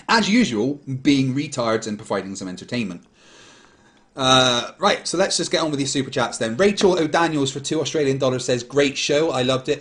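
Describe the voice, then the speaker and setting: A man's voice: medium pitch, fairly bright tone. A man hosting a casual livestream, reading super chats aloud in a blunt, dismissive way. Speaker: host.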